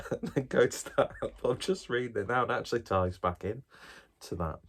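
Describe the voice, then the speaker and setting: A man's voice: medium pitch, normal speed. A man chatting casually and wryly as he reviews a beer, dropping the odd swear word. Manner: chatty and wry, with off-the-cuff swearing.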